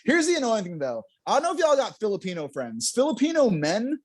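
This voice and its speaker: High, lively young man doing stand-up. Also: fairly quick. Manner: loose, self-mocking punchlines with frequent laughs. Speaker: stand-up comedian. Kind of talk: stand-up comedy set.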